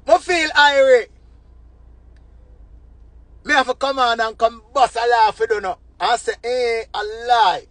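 A man with a Jamaican accent talking on a phone live stream, rambling in patois with proverbs and shout-outs. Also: sits high, no room sound. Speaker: livestream host. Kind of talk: casual live-stream talk.

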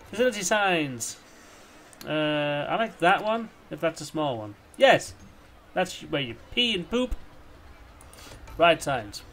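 A young man chats his way through a building game, rambling and half-talking to himself. His fairly high voice swings widely and breaks into goofy shouts. A faint hiss sits under the recording. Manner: chatty, rambling, bursts into silly shouts. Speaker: gameplay commentator. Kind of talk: casual let's-play commentary.

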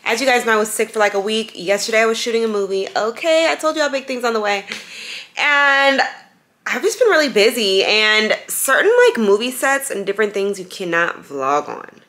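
Her voice pushed, bright, and fairly high, a young woman keeps up casual vlog chat on a handheld camera. She's chatty and upbeat with quick asides while going about her day at home, then in the car and a store.

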